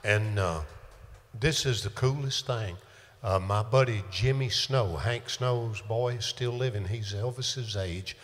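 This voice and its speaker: A man's voice: on the low side, slow pace, in a large hall. An older man, a country singer chatting and telling stories between songs in a folksy, laid-back way. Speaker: country singer hosting a live show. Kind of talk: casual stage banter and storytelling. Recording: loud live band backing.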